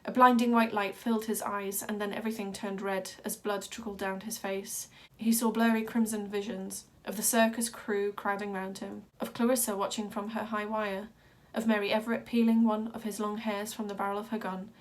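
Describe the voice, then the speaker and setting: A woman reading a children's novel aloud with steady, dramatic narration. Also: medium pitch. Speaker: reader. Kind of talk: storybook read-aloud.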